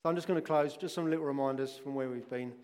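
A man's voice: mid-range voice, fast talker, a little mellow, clean tone. A middle-aged man preaching a sermon in a church, chatty and conversational, with asides to his listeners. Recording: long echoing hall reverb.

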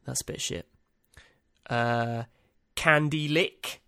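A man's voice: on the high side, slow, fairly bright tone, clear, resonant tone, no echo. A man hosting a podcast, reading out a list in a rambling, dry, self-amused way with lots of ums and uhs. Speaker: podcast host. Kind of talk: casual solo podcast monologue.

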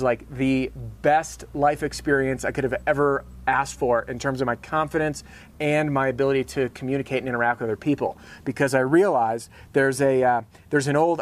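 A man hosting a sales training show, giving an energetic, casual motivational talk. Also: mid-range voice, a little fast.

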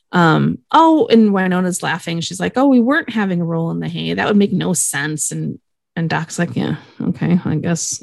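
A woman co-host talks through a TV episode in a loose, rambling way, full of ums and casual swearing. Her voice sits low with a gravelly fry. The sound is dry and close. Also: dry recording. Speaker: podcast co-host recapping a TV episode. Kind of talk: casual chat.

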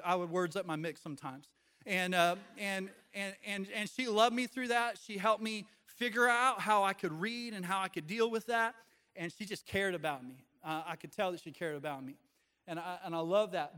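High-voiced man preaching casually. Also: a bit bright. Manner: conversational, jokes with the congregation. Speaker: pastor. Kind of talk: sermon. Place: church in front of a congregation.

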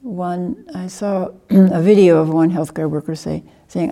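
A woman, a Buddhist teacher, giving a dharma talk in a gentle, measured and earnest way. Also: lowish voice, steady tone, creaky.

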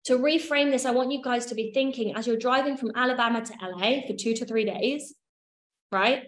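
This workshop leader has a higher voice and talks a little fast. Her teaching is casual and conversational, with offhand swearing and checks that listeners follow, all in an echoey room.

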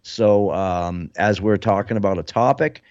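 A man's voice: fairly low pitch, a little slow, a little mellow, dry recording. Dry lo-fi male podcast host. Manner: joking, teasing banter with guests. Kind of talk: casual podcast chat. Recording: dull, dry lo-fi sound.

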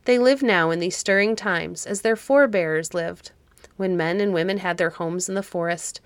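A woman narrating a fairy-tale audiobook in an even, measured reading voice. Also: medium pitch, dry recording. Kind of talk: scripted storybook narration.

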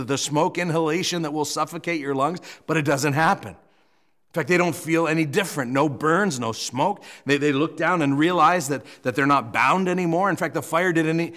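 A male pastor preaching a sermon, animated and joking as he retells a scripture story, with frequent restarts. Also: a little high.

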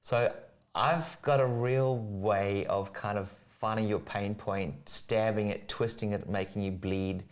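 A man who coaches surfing speaks frankly and bluntly in a casual live-stream chat. His voice sits on the low side, picked up by a lapel mic. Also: fairly even intonation, a little slow. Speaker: surf coach.

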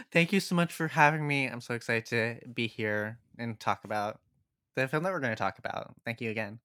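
A man's voice: mid-range voice, expressive, pushed and bright, dry recording, studio quality. A man appearing as a guest film critic on a podcast, eager and chatty, often restarting his sentences. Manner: eager, stammering restarts, quick bursts. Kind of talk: casual podcast chat.

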